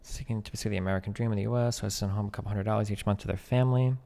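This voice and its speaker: A young man doing casual live-stream commentary, reading text aloud fast and breaking off to chat, joke and swear. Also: fairly low pitch, fairly even intonation, vocal fry, warm tone, in a large hall.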